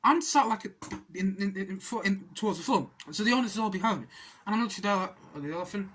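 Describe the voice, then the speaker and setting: A woman talks through a film review in a loose, rambling way. She restarts her sentences often and keeps tipping into exasperated rants. Her voice sits in an ordinary middle pitch. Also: fast talker, fairly bright tone, slight background noise. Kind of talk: casual spoken film review.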